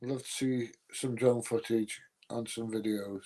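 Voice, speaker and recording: A man's voice: mid-range voice, steady tone, a little slow, dark tone. A middle-aged man from the UK chatting casually on a livestream, rambling and full of fillers as he answers viewers. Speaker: livestream host answering chat. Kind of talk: casual chat.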